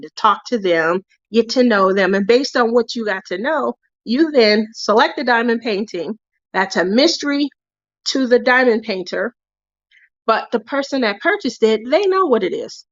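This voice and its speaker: A woman's voice: medium pitch, no room sound, lo-fi sound. Chatty woman hosting a craft stream. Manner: chatty storyteller, laughs often. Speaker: host of a crafting livestream. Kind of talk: casual chat while crafting.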